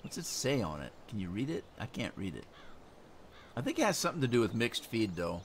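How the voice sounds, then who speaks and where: A man's voice: lowish voice, sing-song, a little fast. Chatty man streaming a farming game. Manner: chatty, rambling, reads and answers chat. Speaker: gaming streamer. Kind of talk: casual live-stream commentary. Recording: noisy game audio behind.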